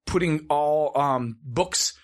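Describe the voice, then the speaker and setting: A man in casual conversation, ranting in a rambling, animated way, swearing constantly and peppering his talk with "dude" and "like". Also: on the high side, takes it slowly. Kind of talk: casual chat.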